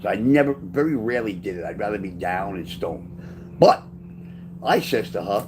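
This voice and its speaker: A man's voice: lowish voice, animated, moderate pace, background noise. A man, from Brooklyn, rambling through blunt, profane memoir stories in a casual spoken style. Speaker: author telling his life story.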